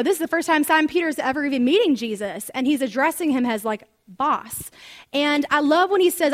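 Woman, high voice, conversational sermon, animated storytelling, chatty asides. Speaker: Bible teacher.

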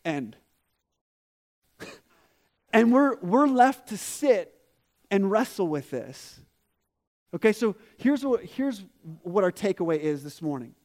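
A man's voice: high voice, big pitch swings, slow pace, long pauses, darkish tone. A man preaching a sermon to a congregation with kids, telling a story animatedly and acting out the quotes. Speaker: pastor.

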